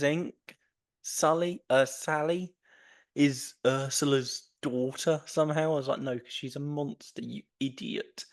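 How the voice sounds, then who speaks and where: A man's voice: a little high, no echo, clean studio sound. A man co-hosting a casual podcast chat, enthusiastic and rambling, often repeating himself. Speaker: podcast co-host.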